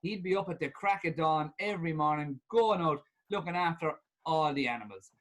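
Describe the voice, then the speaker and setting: Guy improvising a story on a video call, high voice, swears casually. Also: a little fast. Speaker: improv comedian.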